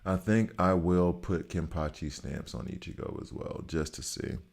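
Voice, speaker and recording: He speaks at a moderate pace in a low, slightly mellow voice, chatting easily with his stream audience during gameplay. Along the way he thinks out loud about stats and which choices to make.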